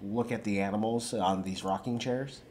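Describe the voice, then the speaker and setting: A young man co-hosting a podcast in casual chat, describing things in short, relaxed bits with frequent "um"s. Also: on the low side, moderate pace, slight background noise. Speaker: podcast co-host.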